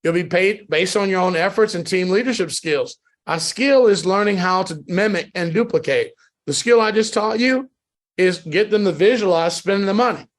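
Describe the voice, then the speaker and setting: A man giving a sales training talk on a call, emphatic and repetitive in a motivational pitch. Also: moderate pace. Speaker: network marketing trainer.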